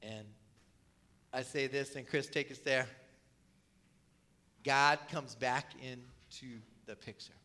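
A man's voice: medium pitch, steady tone, takes it slowly, long pauses, sharp tone. A man preaching a sermon in a conversational way, with rhetorical questions and asides to the congregation. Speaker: pastor.

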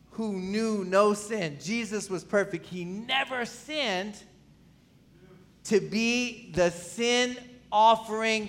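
A man preaching a sermon as pastor, calling questions out to the congregation and swinging from pleading cries to low, quiet lines. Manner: pleading, rising to near-shouts, then dropping low. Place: church.

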